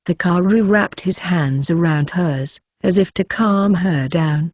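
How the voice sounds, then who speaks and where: A woman reading a fantasy novel aloud in a steady, even storytelling manner. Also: on the low side, unhurried, few pauses, no room sound, studio quality. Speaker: audiobook narrator. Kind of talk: scripted narration.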